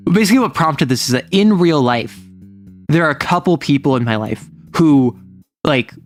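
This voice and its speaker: A man with a slightly higher voice chats casually on a livestream. He rambles, stammers and restarts his sentences, animated and quick to laugh. Faint music plays in the background. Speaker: streamer.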